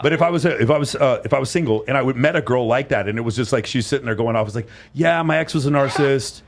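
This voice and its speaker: A man's voice: mid-range voice, racing, crowd noise. A man hosting a casual panel chat in a studio, blunt and profane, telling stories with emphasis. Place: recording studio.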